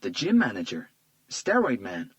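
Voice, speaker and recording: A man's voice: mid-range voice, wildly swooping pitch, moderate pace, no echo. A man voicing a frail, wounded male detective in hospital who jokes wryly. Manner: wry and joking.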